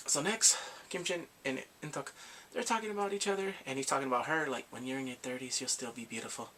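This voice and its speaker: A man casually recapping a drama for his vlog, animated and acting out the characters' reactions with gasps and laughs. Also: fairly high pitch, quick pace, a little hiss or hum. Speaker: K-drama reviewer.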